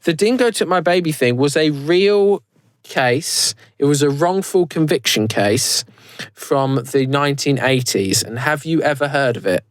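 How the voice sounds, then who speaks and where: A man's voice: fairly high pitch, animated, unhurried, no room sound, studio quality. A British man co-hosting a podcast, chatting casually and restarting his sentences as he goes. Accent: British English. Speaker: podcast co-host. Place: recorded live in a converted prison.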